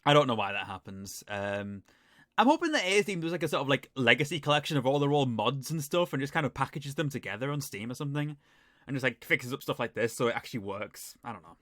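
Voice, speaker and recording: Northern English male host, casual rambling reaction commentary, self-mocking, crisp dry mic. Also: medium pitch, expressive, fast, a bit bright, dry recording. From Northern England. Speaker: YouTuber reacting to his old video.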